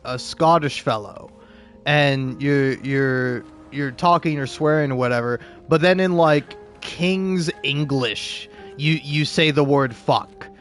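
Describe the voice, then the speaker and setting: A man's voice: medium pitch, a little slow, fairly bright tone, faint music behind. A man giving casual, rambling gameplay commentary, full of fillers and restarts. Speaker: gaming video creator.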